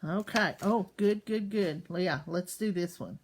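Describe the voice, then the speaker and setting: A woman teaching young children in a slow online class, patiently sounding out words syllable by syllable. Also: fairly low pitch, slight background noise.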